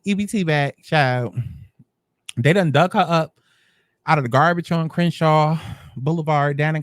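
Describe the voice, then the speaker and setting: Sassy high-voiced man recapping drama. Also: no echo. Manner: sassy, dramatic, mocking impressions of cast. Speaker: reality show commentator. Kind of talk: casual recap commentary.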